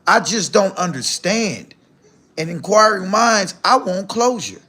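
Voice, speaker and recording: A man's voice: high-pitched, a little slow, pushed and bright. An older man from Mississippi, hosting a live stream and mocking another creator in blunt, profane commentary. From Mississippi, USA. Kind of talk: live commentary reacting to clips.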